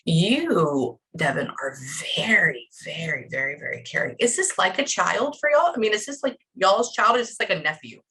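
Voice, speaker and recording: A woman's voice: fairly low pitch, big pitch swings, normal speed, hardly any pauses, sharp tone, husky, poor audio. A woman giving a medium reading to clients, talking in a rambling, emotional way with lots of fillers. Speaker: psychic medium.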